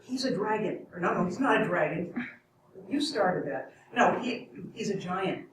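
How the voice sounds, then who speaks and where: A woman's voice: fairly high pitch, background noise. A woman telling a comic myth to a live audience, rambling with wry asides and self-corrections. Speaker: storyteller. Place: live event room. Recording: echoey room from far off.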